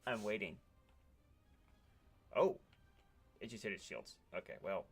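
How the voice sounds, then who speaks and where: A man's voice: on the low side, lively intonation, unhurried, breathy edge, faint music behind. A man streaming a strategy game, rambling and commenting casually on the game as he plays. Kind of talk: casual gameplay chat.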